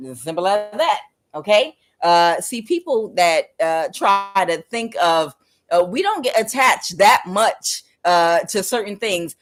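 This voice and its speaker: Speaking at a measured pace in a medium-pitched voice, a profane, outspoken tarot reader recounts a personal story straight to her audience. She keeps it casual and lively, laughing a lot and imitating the people in the tale.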